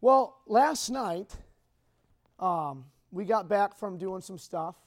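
A man speaking to a group, telling a personal story in a rambling, halting, emotional way. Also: sits high, expressive.

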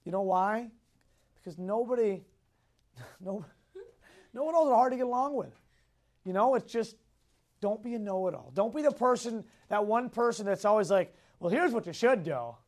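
A man's high-sitting voice moves at a moderate pace, broken by long pauses, as he teaches Sunday school to a class. As a youth Bible teacher, he reiterates key ideas, asks questions, and frequently chuckles over his own stories.

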